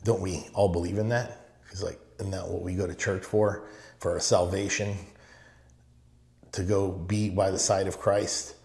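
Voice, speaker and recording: A middle-aged man from the Middle East, a real estate owner, appears as a guest on a podcast, telling stories emphatically and repeating short phrases in a casual interview. His voice is low, mellow, and unhurried, with little pitch movement. The podcast studio gives the recording a roomy echo.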